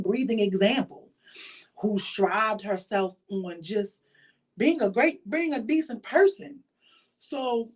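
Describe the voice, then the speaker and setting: A woman hosting her own show speaks straight to the camera. Her talk is casual and earnest, full of fillers, and she sounds heartfelt and driven by faith. Her voice sits at a middle pitch for a woman. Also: darkish tone. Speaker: show host.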